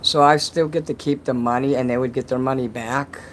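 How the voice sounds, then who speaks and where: A man's voice: mid-range voice, steady tone, brisk, a little hiss or hum, low-quality recording. A man casually chatting on a livestream, reading donations and rambling with crude jokes and many restarts.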